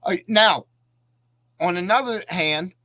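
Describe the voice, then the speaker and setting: A man's voice: high-pitched, slow pace, pushed and bright, no echo. A man co-hosting a casual podcast, talkative and opinionated, telling stories with animation. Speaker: podcast co-host. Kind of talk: casual chat.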